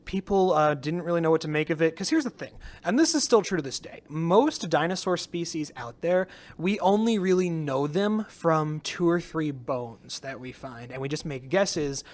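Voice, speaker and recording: A man's voice: on the high side, lively intonation, normal speed, hardly any pauses. A young man hosting a podcast in casual chat, rambling with lots of fillers and frequent laughter. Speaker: podcast host.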